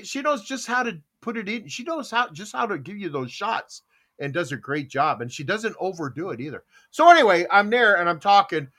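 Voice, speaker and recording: A man's voice: sits high, pushed and bright. A man hosting a casual podcast, telling jokey stories and laughing at his own bits. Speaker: podcast host. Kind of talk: casual chat.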